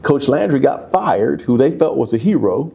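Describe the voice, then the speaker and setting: A man in his fifties, a former football player, telling stories in a candid, casual interview, his voice jumping high when he gets excited. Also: normal speed, gravelly. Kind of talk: candid conversational storytelling.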